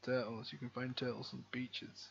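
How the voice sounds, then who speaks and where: A man's voice: medium pitch, little pitch movement, moderate pace, vocal fry, lo-fi sound, heavy background noise. A young man streaming live, thinking aloud as he plays and muttering words to himself as he reads them. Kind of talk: thinking aloud while playing a live game.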